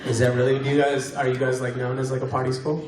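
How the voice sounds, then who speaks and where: A young man doing stand-up crowd work, chatting and laughing with the audience. His voice echoes through a big venue, picked up from a distance, with loud crowd laughter rolling underneath. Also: mid-range voice, monotone, fast talker. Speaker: stand-up comedian. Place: large venue with live audience.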